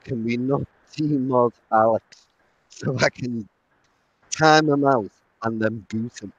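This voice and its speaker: A man's voice: medium pitch, slow pace, breathy edge, no room sound. A man with an English accent on a call to a livestream, repeating his request patiently. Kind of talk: casual chat over a call. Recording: dry, dull call audio.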